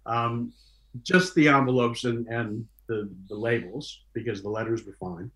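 A man telling stories from his career in a casual, animated way, acting out the voices of the people in his stories. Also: medium pitch, unhurried, roomy sound. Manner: animated, acts out quoted dialogue in different voices. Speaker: guest recalling his career. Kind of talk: casual storytelling.

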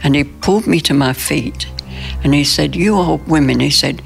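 Gravelly-voiced woman in her nineties. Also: low voice, faint music behind. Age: 90s. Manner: plain, halting storytelling with restarts. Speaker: interview guest. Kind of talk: recounting a personal story in an interview.

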